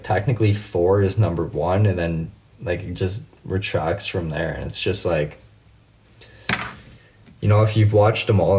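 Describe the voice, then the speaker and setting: A man's voice: sits low, darkish tone, slight background noise. A man, chatting casually on a late-night livestream, answering viewers by name, laughing often and swearing freely. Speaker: livestream host.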